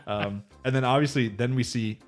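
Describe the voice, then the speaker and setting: A man's voice: mid-range voice, steady tone, moderate pace, faint music behind. A man co-hosting a podcast, casually retelling an anime episode and acting out the characters' lines, with plenty of swearing and laughter. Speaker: podcast co-host. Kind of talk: casual anime recap chat.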